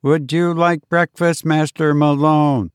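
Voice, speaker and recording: A man voicing a calm, gentle household robot in a storybook reading. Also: a little high, slow, smooth, no room sound, studio quality, voice pushed up.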